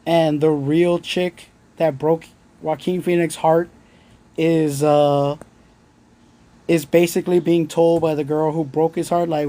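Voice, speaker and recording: A man's voice: fairly high pitch, little pitch movement, takes it slowly, mellow. Blunt, earnest man streaming live. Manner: blunt, earnest, swears freely, talks straight to viewers. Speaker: livestream host. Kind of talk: casual motivational livestream talk. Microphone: phone.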